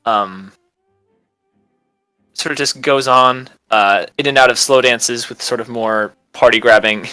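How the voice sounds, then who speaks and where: A young man runs a tabletop role-playing session, narrating scenes in a loose, casual way full of filler words. His voice is bright and clear, sitting at an ordinary pitch for a man. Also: steady tone, a little slow, dry recording, soft background music, poor audio. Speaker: game master.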